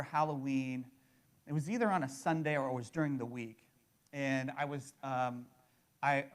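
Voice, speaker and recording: A man in his thirties preaching a sermon in a conversational way, often restarting and checking in with the listeners. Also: mid-range voice. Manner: conversational, repeats words and restarts, fills with "right?". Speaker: pastor.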